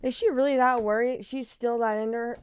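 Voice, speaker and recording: A woman's voice: a little high, fairly even intonation, fairly quick. A woman co-hosting a casual chat and livestream, profane and jokey. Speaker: streamer and podcast co-host.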